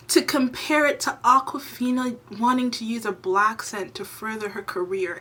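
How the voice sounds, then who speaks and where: A woman's voice: fairly high pitch, moderate pace, bright, forceful tone, breathy edge. A young woman giving a heated, exasperated commentary vlog rant, swearing freely. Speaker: YouTube commentator.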